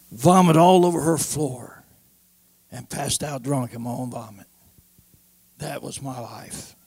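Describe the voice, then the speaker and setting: A man's voice: a little high, creaky, a little mellow, no echo. A man preaching his own testimony in an emphatic way, repeating phrases and acting out old conversations.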